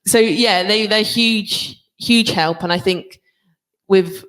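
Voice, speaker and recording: A woman's voice: mid-range voice, slow pace, fairly bright tone. A woman rugby player and coach answering panel questions in a chatty way, with many fillers and restarts.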